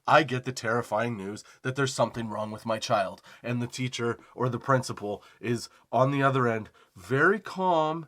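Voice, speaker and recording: Male comedy podcaster, mid-pitch, rambling profane anecdote delivery. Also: moderate pace, hardly any pauses. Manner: profane, rambling, animated anecdote with self-deprecating laughs. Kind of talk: comedic storytelling monologue.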